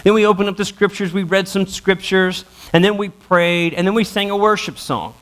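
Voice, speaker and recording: A man's voice: high voice, clear, resonant tone. A male pastor in his thirties telling a funny family story in a sermon, self-mocking and acting out his kids and wife. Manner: animated, self-mocking, acts out his family in quick voices. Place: church auditorium.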